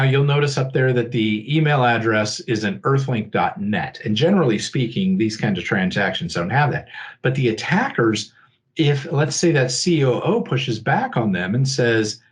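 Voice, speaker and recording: Male presenter, mid-range voice, relaxed explanatory talk-through. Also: mid-range voice, moderate pace. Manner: explanatory, often checks in with "okay?" and "right?"; acts out scammer and victim lines in a livelier voice. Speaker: security awareness presenter. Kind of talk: conversational presentation.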